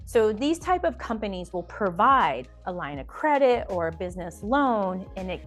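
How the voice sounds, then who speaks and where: A woman host giving business advice straight to camera, emphatic and encouraging, repeating words for stress and calling her viewers y'all. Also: medium pitch. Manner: addresses viewers casually as y'all. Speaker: business coach and channel host.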